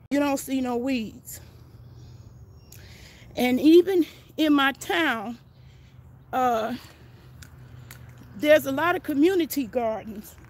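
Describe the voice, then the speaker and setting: A woman's voice: high voice, darkish tone. An older woman, out of breath, chatting folksily as she walks viewers through her backyard garden outdoors on a phone. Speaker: gardening vlogger. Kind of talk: casual walking garden tour.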